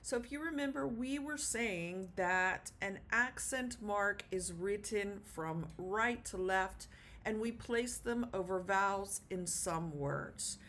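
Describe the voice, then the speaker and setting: Slow-paced woman teaching at a board. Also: medium pitch, a bit bright. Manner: patient, many fillers and check-ins like okay. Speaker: Spanish teacher. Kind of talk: classroom lesson at a board.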